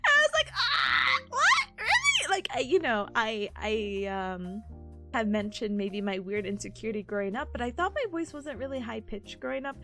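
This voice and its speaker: A woman's voice: normal speed, over music. A woman hosting a casual study livestream, chatting and rambling with frequent giggles, seated at home. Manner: animated, jumps into high-pitched impressions. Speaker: livestream host. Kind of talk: casual study-stream chat.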